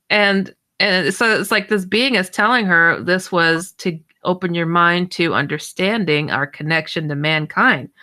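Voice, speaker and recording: Excitable woman with a gravelly, bright voice. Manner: excitable, jumps high when acting out her own reactions; rambling with many false starts. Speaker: paranormal researcher guest. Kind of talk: animated personal storytelling in an online audio chat.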